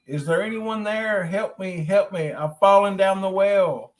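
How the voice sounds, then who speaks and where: A man's voice: sits high, a little slow, voice pushed up. A man voicing a frightened old man stuck down a well, pleading and panicky. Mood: panicked.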